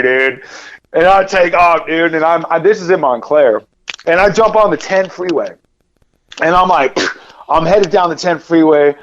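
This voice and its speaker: A man telling a personal story as a podcast guest, rambling and animated, with lots of fillers and repeated words. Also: fairly high pitch, lo-fi sound, a little hiss or hum. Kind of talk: casual storytelling.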